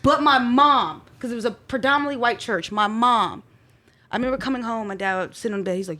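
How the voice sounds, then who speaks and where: A woman therapist, a podcast guest, telling personal stories in a candid, expressive way and often laughing as she talks. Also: on the high side, quick pace. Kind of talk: candid storytelling in a group chat.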